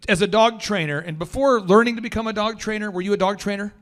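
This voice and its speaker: This male podcast host has a notably high voice and talks fast in a casual, slangy style. Energetic and animated, he throws himself into his storytelling.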